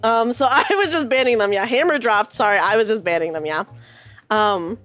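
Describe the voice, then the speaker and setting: A woman's voice: on the high side, moderate pace, a bit bright, faint music behind. A woman in her thirties chatting with her stream viewers from her room, telling a rambling story full of fillers and swearing now and then. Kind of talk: casual chat with live viewers.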